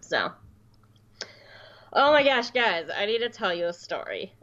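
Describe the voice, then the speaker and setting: A woman co-hosting a podcast, telling a story in a casual, excitable, gushing way. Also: medium pitch, unhurried, dull audio. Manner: excitable, gushing, breaks into squeals. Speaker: podcast co-host.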